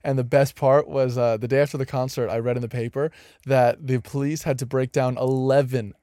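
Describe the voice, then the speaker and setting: A man's voice: medium pitch, steady tone, a little fast, warm tone, no echo, clean studio sound. A man from New Jersey, a comedian guest telling laughing, profane stories in casual podcast chat.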